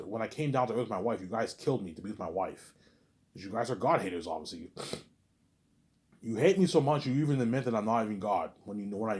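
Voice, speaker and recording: Young man, lowish voice, rambling stammering vlog monologue, keeps trailing off. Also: darkish tone. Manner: repetitive, stammering, ends lines with a trailing mumbled "obviously". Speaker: vlogger.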